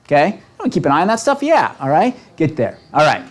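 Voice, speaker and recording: A man leading a real estate training seminar, talking with a lively, coaching manner and checking in with the room constantly. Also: on the high side, brisk. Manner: animated, asks the room constant "right?" questions. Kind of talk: motivational seminar talk. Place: seminar room with a live audience.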